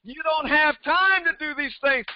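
Give me a high-voiced older pastor preaching emphatically. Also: male voice, moderate pace, no echo. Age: 70s. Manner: emphatic, repetitive preaching, rising to shouts. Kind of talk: sermon. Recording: dull, dry recording.

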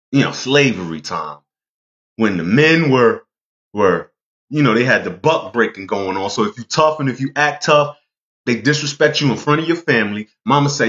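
A man's voice: medium pitch, a bit bright, muffled recording. A man delivering a heated, profane monologue rant, emphatic and repeating himself to drive points home. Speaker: vlogger.

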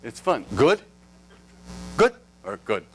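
A man's voice: mid-range voice, sing-song, takes it slowly, a bit bright, slightly rough, rough recording. A man coaching actors in a live acting workshop, playful, coaxing and freely profane as he talks to performers and the audience. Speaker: acting teacher.

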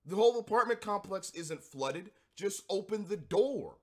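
A man's voice: high-pitched, animated, moderate pace. A man giving a casual, profane, sarcastic review of a TV show from his home recording setup.

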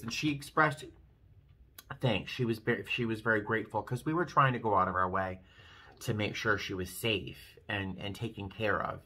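Rambling emotional man with bright tone. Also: on the low side, breathy edge. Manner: rambling, emotional, self-deprecating. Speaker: flight attendant vlogger. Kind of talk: casual vlog talk to camera.

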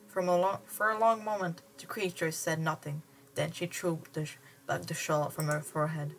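A woman's voice: low voice, steady tone, normal speed, slight background noise, poor audio. A young woman reading a story aloud for a game stream, stumbling over words and breaking off into giggly asides. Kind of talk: casual read-aloud with commentary.

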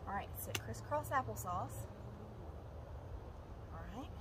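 A woman's voice: a little high, animated, measured pace, long pauses, very noisy. A woman guiding children through yoga moves, upbeat and encouraging, counting aloud. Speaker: kids' yoga leader.

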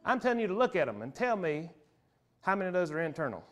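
A man preaching a sermon as pastor in a church, emphatic and punchy, repeating key phrases and swinging between loud and soft. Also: high-pitched, sing-song, quick pace. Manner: emphatic, punchy repetition, wide swings in loudness. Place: church sanctuary.

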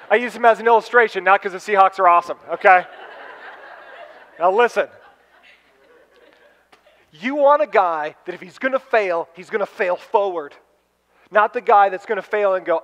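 A man preaching a sermon as pastor, animated, acting out kids and parents in quick asides. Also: high-pitched, big-room sound. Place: church sanctuary.

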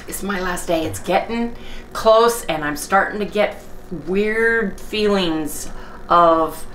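A woman's voice: mid-range voice, fairly bright tone, a little hiss or hum. A middle-aged woman chatting casually in a vlog about her day, with pet phrases like "anyway, you guys" and "yes, indeed". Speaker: vlogger.

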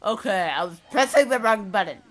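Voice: medium pitch, expressive, a little fast, a bit bright. A let's play gamer giving goofy, casual commentary, humming tunelessly and talking to the game characters. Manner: goofy, hums tunelessly to themself.

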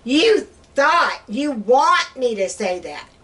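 A woman's voice: high-pitched, sing-song, slow pace, fairly bright tone. A middle-aged woman, chatting casually and telling teasing, laughing stories as a co-host. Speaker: channel co-host. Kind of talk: casual chat.

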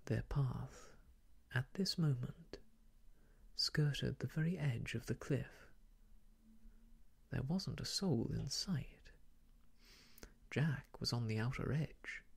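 A man narrates an old novel in a soft ASMR hush, his delivery unhurried and drawn out. His low tones carry a gravelly rasp and an airy, husky texture. He sits close to the microphone, many phrases slipping into a near-whisper. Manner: hushed, half-whispered reading. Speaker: storyteller.

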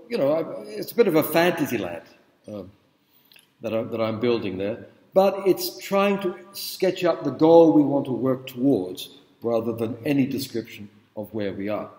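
This middle-aged university lecturer talks casually at a mid pitch, a little mellow, telling anecdotes and repeatedly checking in with the room by asking "okay?" A long hall reverb rings around the big lecture room.

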